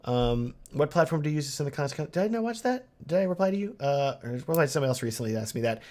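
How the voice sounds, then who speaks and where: A man's voice: on the high side, lively intonation, rapid-fire, a little mellow. Upbeat Texan man in a casual livestream Q&A. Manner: casual and upbeat, many fillers like "um" and "like". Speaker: wedding videographer hosting a livestream Q&A. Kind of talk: casual livestream chat answering viewer questions.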